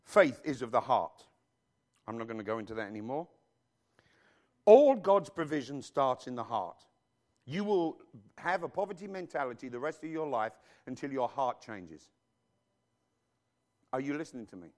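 A man preaching a sermon, emphatic and animated, throwing rhetorical questions at his congregation. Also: mid-range voice, normal speed, long pauses.

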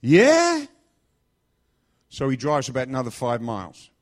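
A man's voice: medium pitch, lively intonation, moderate pace. A middle-aged man from England preaching in a chatty, joking storytelling style. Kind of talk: storytelling sermon.

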